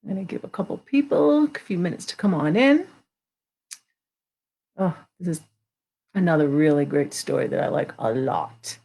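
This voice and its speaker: A woman with a slightly low-pitched voice chats casually with viewers before a live story hour. She then reads a children's tale aloud with an expressive, friendly delivery. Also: normal speed, vocal fry, pauses often. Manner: chatty, greets viewers by name, reads expressively. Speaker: storyteller hosting a live reading. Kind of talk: casual live-stream chat and read-aloud.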